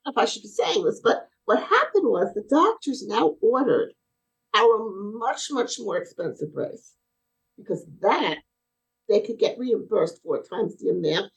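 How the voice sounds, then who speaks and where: A middle-aged woman chatting as a podcast guest, spinning one anecdote after another. She acts out the lines of the people in her stories, and her voice swings widely up and down from a middle pitch. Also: moderate pace, gravelly, rough recording. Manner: animated, acts out quoted dialogue. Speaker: podcast guest, brace company owner. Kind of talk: casual interview storytelling.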